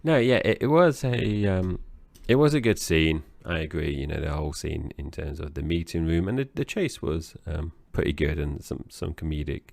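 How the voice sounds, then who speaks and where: A man's voice: a bass voice, normal speed, creaky, hardly any pauses, a little mellow, dry recording, clean studio sound. A man co-hosting a podcast, chatting about a film in a rambling, hesitant way. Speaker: podcast co-host. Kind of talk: casual film-review chat.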